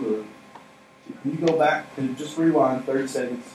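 A man's voice: mid-range voice, normal speed, pauses often. A man preaching a casual, conversational sermon, telling a story with frequent laughs and acted-out quotes. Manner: animated storytelling, laughs often, acts out quotes. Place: church hall. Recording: echoey hall from far off, faint room noise.

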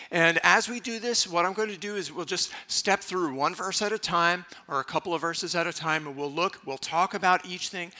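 A man's voice: fairly high pitch, sharp tone. A man preaching a conversational sermon in a church, leading the congregation in repeating phrases. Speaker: pastor. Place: church sanctuary.

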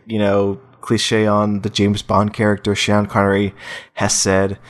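A man's voice: on the low side, completely flat delivery, a little slow. Rambling man hosting a casual film chat. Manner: rambling, full of restarts and "you know".

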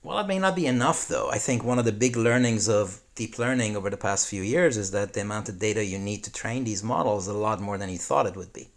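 Low-voiced, analytical man co-hosting. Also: fast talker, hardly any pauses. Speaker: podcast co-host. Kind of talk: casual tech podcast chat.

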